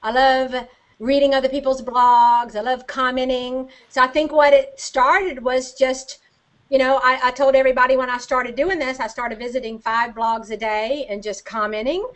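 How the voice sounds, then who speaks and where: A woman's voice: high voice, steady tone, normal speed. An older woman chatting as a guest on a video call, chatty and self-deprecating, laughing often. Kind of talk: casual video-call chat.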